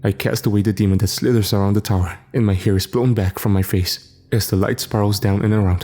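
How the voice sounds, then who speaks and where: A man narrating a first-person horror story in a grave, measured way. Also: on the low side, fairly even intonation, dark tone. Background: faint music.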